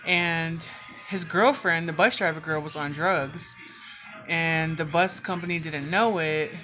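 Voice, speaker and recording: A woman's voice: low-pitched, unhurried, pushed and bright, faint music behind. A woman telling a storytime vlog in casual chat, swearing freely and filling her speech with "like". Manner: casual, heavy cursing, frequent "like" fillers. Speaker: vlogger.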